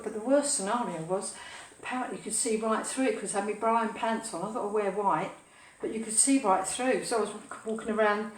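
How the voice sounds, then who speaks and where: A gossipy woman in her sixties with a fairly high voice rambles through stories as she cooks, tripping over her own sayings. She sounds echoey in a kitchen where a pan fries loudly behind her. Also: slight background noise. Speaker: cooking vlogger. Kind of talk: chatty storytelling while cooking. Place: home kitchen, food sizzling. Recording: echoey kitchen with loud frying.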